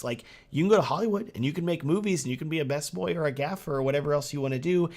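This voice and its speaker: A man with a Texan accent chats through a casual livestream Q&A. He sounds upbeat and loose, leaning on "um" and "like" as he goes. His voice sits in an ordinary middle range. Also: medium pitch. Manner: casual and upbeat, many fillers like "um" and "like". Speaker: wedding videographer hosting a livestream Q&A. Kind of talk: casual livestream chat answering viewer questions.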